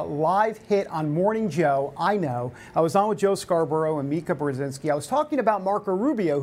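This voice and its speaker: This talk show host from New York rambles through a casual monologue, stopping and restarting with plenty of fillers as he tells his stories. His voice is slightly high and a bit mellow.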